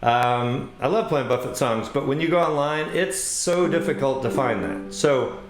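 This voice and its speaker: A man's voice: mid-range voice, normal speed. A man hosting an online ukulele play-along, chatting casually and self-deprecatingly with viewers between songs. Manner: relaxed, self-deprecating, chuckles often. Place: home room with ukulele. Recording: roomy echo with loud ukulele. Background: ukulele playing.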